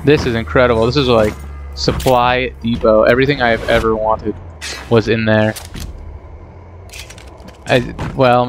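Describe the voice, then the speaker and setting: A man's voice: mid-range voice, flat delivery, moderate pace, pauses often, soft background music. A man casually commenting on his own gameplay, rambling and self-deprecating as he talks to himself. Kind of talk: casual let's play commentary.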